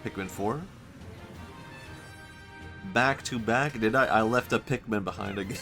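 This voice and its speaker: A young man riffs playfully while he plays, rambling from thought to thought and breaking into laughter. His voice is fairly low with a gravelly, fry-heavy texture. Faint music runs underneath. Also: moderate pace, long pauses, fairly bright tone. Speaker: streamer. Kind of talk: casual gameplay commentary.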